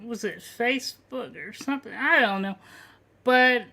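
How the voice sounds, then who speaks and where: A man's voice: extremely high pitch, moderate pace, gravelly, bright, forceful tone. A man co-hosting a podcast, chatting casually and hesitantly with many fillers. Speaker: podcast co-host. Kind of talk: casual live-stream chat.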